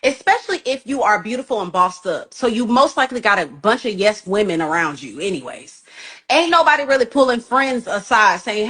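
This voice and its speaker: A woman's voice: medium pitch, animated, a little fast, a bit bright. A woman talking candidly about her own flaws in marriage, frank, emphatic and self-mocking. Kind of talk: candid confessional talk.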